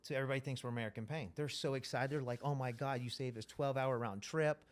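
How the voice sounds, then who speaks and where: A man's voice: mid-range voice, quick pace. A man telling a story as a podcast guest in casual, profane talk, acting out the lines of the people he describes. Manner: profane, animated, acts out quoted dialogue.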